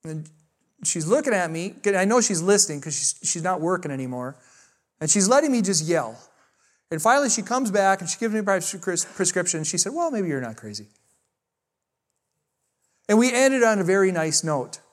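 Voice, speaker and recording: A male pastor telling a personal story in a sermon and leading a closing prayer, acting out dialogue with big jumps in voice. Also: brisk. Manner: animated, acts out dialogue with big pitch jumps.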